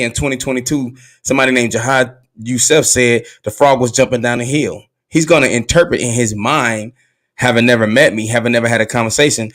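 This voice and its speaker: A laid-back man hosting a podcast, talking candidly with easy slang from a car. His voice is an ordinary middle pitch for a man, with a relaxed, questioning way of talking. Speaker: podcast host. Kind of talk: casual conversation.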